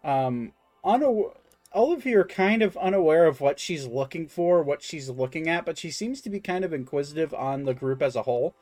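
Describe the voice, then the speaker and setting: A man narrating a tabletop game as game master, with a halting delivery full of ums and restarts. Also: a little high, animated, darkish tone.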